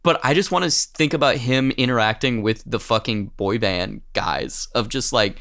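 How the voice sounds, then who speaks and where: A man co-hosting a podcast in a casual, comedic chat, telling stories excitably and swearing freely. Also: medium pitch, moderate pace. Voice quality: profane, excitable storyteller. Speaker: podcast co-host.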